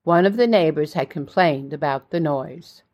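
An older woman narrating her own memoir in a plain, steady storytelling way. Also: deep voice, moderate pace.

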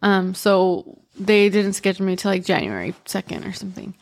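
A woman talks through a personal story on her podcast in a relaxed, chatty way. She leans on "like" and "um" and shifts between quick bursts and slow pauses. Her pitch sits in an everyday middle range. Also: vocal fry. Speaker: podcast host.

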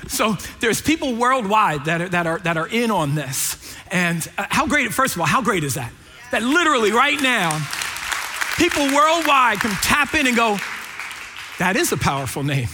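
A man's voice: high-pitched, moderate pace, faint music behind, some chatter behind. A middle-aged man preaching a sermon, joking and storytelling as he acts out the voices of the people in his stories. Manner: animated, jokey, acts out quoted voices. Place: large church hall. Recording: echoey hall.

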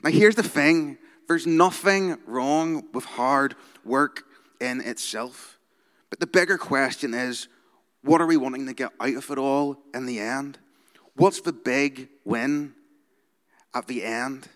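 A man's voice: medium pitch, slow, fairly bright tone, long reverb tail. A Northern Irish man, a youth worker, giving an informal sermon-style talk, chatty and conversational, often checking in with the audience. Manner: conversational, keeps checking in with "okay?" and "right?".

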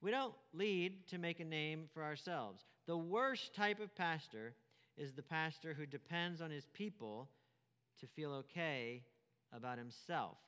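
A man's voice: fairly high pitch, unhurried, bright, forceful tone, clear, resonant tone, long reverb tail. A man preaching a sermon as pastor, emphatic, repeating key phrases and asking rhetorical questions.

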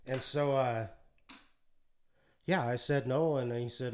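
A man in his thirties with a drawl speaks in an average-pitched voice, telling his faith story in a halting, folksy way. He restarts his sentences often and gets choked up, then rises into a pleading, sermon-like appeal. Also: steady tone, a little mellow. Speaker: podcast co-host sharing testimony. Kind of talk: emotional personal testimony, sermon-like. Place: alone at home.

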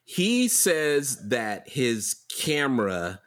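A man telling a story in casual chat, animated and profane, with plenty of fillers and restarts. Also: mid-range voice, very slow.

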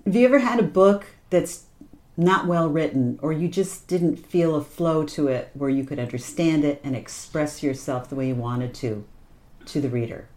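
Interview host, female, curious and easygoing, somewhat low voice. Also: moderate pace, mellow. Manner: curious, laughs easily. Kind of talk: casual interview chat.

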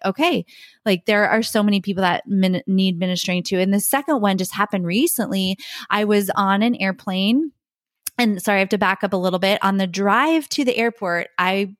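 A woman's voice: mid-range voice, no room sound, clean studio sound. Earnest woman telling a faith story. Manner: animated, earnest, addresses listeners as "you guys". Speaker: podcast guest. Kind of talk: casual faith podcast storytelling.

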